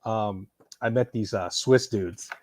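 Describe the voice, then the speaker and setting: Profane, excitable man chatting on stream. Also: fairly low pitch, slow pace. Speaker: streamer unboxing and answering chat. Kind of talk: casual live-stream chat.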